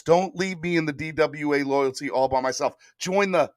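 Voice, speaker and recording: A man's voice: mid-range voice, normal speed, no echo. Hyped male live-stream host, dry sound. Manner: hyped, animated, chats directly with viewers. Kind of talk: casual live-stream chat.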